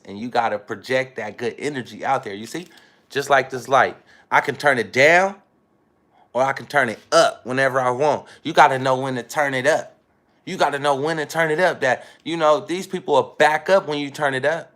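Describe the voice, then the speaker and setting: Brief: a mid-pitched man vlogging, talking off the cuff, rambling and emphatic, repeating lines for effect. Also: fairly bright tone. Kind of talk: casual self-filmed monologue.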